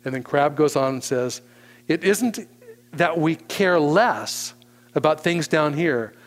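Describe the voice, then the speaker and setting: A man preaching a sermon as pastor, teaching slowly and deliberately with emphatic pauses. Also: on the high side, lively intonation.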